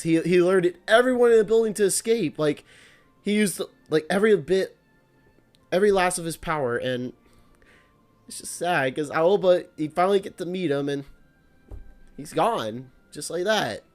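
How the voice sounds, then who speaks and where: High, lively man giving chatty game commentary. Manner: chatty, lots of "like" and restarts, emotional reactions. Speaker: VTuber playing a visual novel. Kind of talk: casual let's-play commentary, reading game text aloud.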